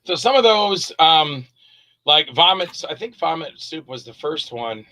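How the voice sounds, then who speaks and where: A man, an actor and director, chatting as an interview guest and telling animated stories. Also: fairly high pitch, a little slow, poor audio. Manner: animated storyteller, acts out quotes. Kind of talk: casual interview chat.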